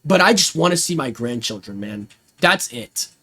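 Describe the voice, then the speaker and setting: A man's voice: medium pitch, animated, moderate pace, bright, forceful tone. A young man chatting casually on a stream, rambling in slangy, profanity-heavy talk. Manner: rambling, slangy and full of swearing.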